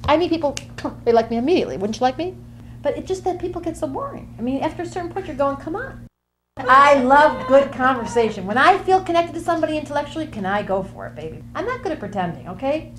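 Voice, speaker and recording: Talking fast in a high voice with big pitch swings, a woman plays a chatty, flighty Gemini woman who bores easily and bounces from topic to topic in a comic monologue. Slight background noise is present.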